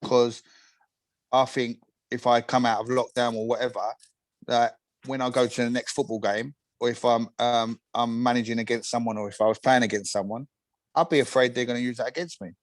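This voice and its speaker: A man's voice: mid-range voice, steady tone, no echo, poor audio. Open-hearted young man, dry sound. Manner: open, halting, repeats himself. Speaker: guest. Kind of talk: casual interview chat.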